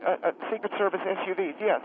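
A man's voice: high voice, fast talker, slight background noise, natural voice. A man voicing a gossipy, indignant middle-aged woman caller who rambles and mocks, heard over a tinny phone line.

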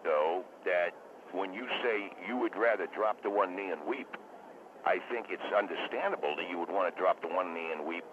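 A man from Las Vegas calling in to a radio show, hesitant and full of restarts. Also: sits low. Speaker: caller. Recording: gravelly tinny phone line with hiss.

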